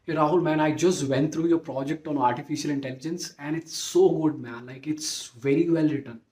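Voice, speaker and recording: A man's voice: fairly high pitch, fairly quick, a little mellow, lightly acted. A man voicing a young male classmate who bluntly questions a friend. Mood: friendly. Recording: roomy, distant mic, faint hiss.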